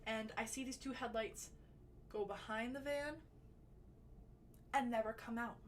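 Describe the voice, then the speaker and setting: A woman's voice: fairly high pitch, a little slow, a little hiss or hum. Chatty woman telling a storytime. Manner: chatty and animated, with sudden loud bursts and swearing. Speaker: storytelling vlogger. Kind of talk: casual storytime.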